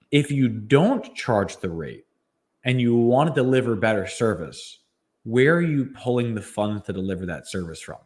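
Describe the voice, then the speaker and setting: A man's voice: mid-range voice, a little mellow. A man co-hosting a podcast, speaking in an emphatic, persuasive, motivational way. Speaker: podcast co-host. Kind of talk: casual podcast chat.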